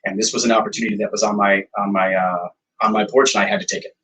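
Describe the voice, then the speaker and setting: A man's voice: on the low side, fast, far from the mic, poor audio. A man, a songwriter and producer, casually telling stories in an interview, acting out quoted dialogue with lots of fillers. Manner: animated storyteller, acts out quoted dialogue, frequent fillers.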